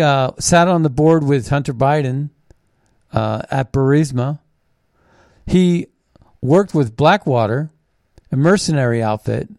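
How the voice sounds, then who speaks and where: A man's voice: mid-range voice, a little mellow, dry recording, clean studio sound. A man hosting a political commentary show, reading news items and reacting in a blunt, scornful, combative way. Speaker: host.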